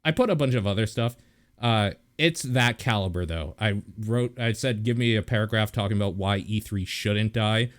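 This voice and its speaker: A man's voice: on the low side, normal speed. A man hosting a video game podcast, chatting casually, reading listener questions aloud and laughing often. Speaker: podcast host. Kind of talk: casual chat.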